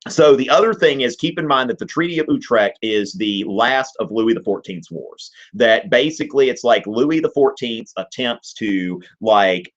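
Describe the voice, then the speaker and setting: A man hosting a live history Q&A, explaining in an animated, joking, digressive way. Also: medium pitch, moderate pace, hardly any pauses. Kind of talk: casual live-stream lesson. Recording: dull lo-fi stream audio.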